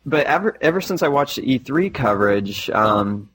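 A man's voice: mid-range voice, big pitch swings, moderate pace, fairly bright tone, husky. A man co-hosting a podcast in casual chat, rambling with lots of fillers. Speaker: podcast co-host.

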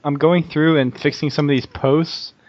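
A man's voice: on the high side, steady tone, normal speed, a little mellow, dry recording. A man hosting a podcast in casual chat, chatty and easily amused. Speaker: podcast host. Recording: muffled lo-fi audio.

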